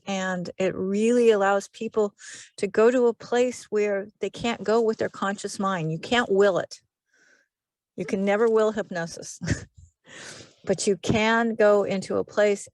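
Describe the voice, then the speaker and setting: A woman's voice: medium pitch, a little mellow, no echo. A woman hypnotherapist speaking earnestly on a video call, repeating phrases as she builds her point. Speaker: hypnotherapist guest. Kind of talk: casual video call chat.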